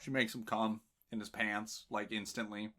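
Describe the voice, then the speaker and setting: A man's voice: lowish voice, flat delivery, moderate pace, bright, forceful tone. A man co-hosting a film podcast, joking and laughing as he recaps episodes. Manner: joking, laughs often, reads notes aloud. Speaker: podcast co-host. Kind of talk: casual film discussion.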